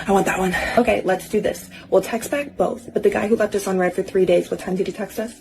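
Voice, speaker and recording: A woman's voice: mid-range voice, fairly even intonation, fast, few pauses, a little mellow. A woman with a mid-range voice plays several bickering versions of herself in a comic skit, bossy and teasing. Faint music runs underneath. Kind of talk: comedy skit playing several selves.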